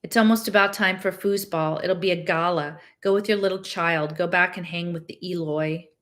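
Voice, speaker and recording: A bitter, grieving father with a lowish voice, tall and thin, sneering and accusing in a novel read aloud, as a woman reads his part. He talks down to the boy with cutting sarcasm. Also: steady tone, moderate pace, lightly acted. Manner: sarcastic, then shouting and sobbing.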